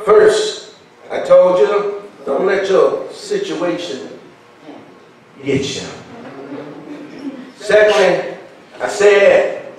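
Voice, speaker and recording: A male pastor preaching a sermon in rising, shouted, half-sung cadences as the congregation answers. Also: high voice, expressive, drawn-out words, long pauses, a little hiss or hum. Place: large church sanctuary. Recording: echoey church hall from far off. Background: congregation responding.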